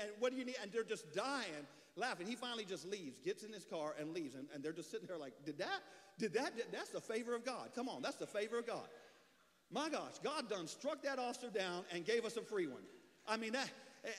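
Casting: male pastor, high voice, animated storyteller, preaching in a church with long reverb. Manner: lively storyteller, swings from loud bursts to low, hushed lines. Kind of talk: storytelling sermon. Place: church sanctuary.

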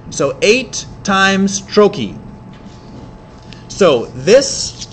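High-voiced man lecturing a class. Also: slight background noise. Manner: explains quickly, repeats himself, counts beats aloud. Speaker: English teacher.

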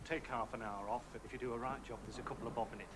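A man's voice: mid-range voice, steady tone, racing, lightly acted. An actor playing a bossy factory foreman who gives curt, commanding orders. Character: bossy, high-handed factory foreman, adult man. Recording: hissy old television broadcast.

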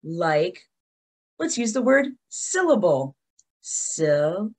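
A woman teacher leads a children's lesson, her voice swooping high and low as she encourages the kids. She speaks slowly and deliberately, with a slightly husky tone. She sounds animated and warm toward her young audience.

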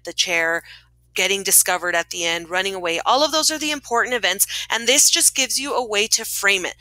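A woman teacher records a clear, encouraging voice-over lesson for her pupils. Her tone is bright and her voice sits close to the mic, with no room echo. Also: medium pitch.

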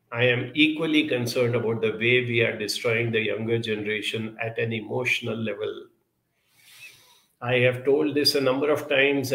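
Man, counsellor talk, gravelly, roomy echo, earnest advice, hesitant fillers. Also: mid-range voice, fairly bright tone. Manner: earnest, advisory, with frequent hesitations. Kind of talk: talk answering audience questions.

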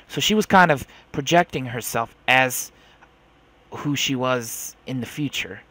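A man's voice: medium pitch, measured pace, a bit bright. A man hosting a let's play, reading the game's story aloud dramatically and adding his own remarks. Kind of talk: reading game text aloud with commentary. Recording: game music behind the voice.

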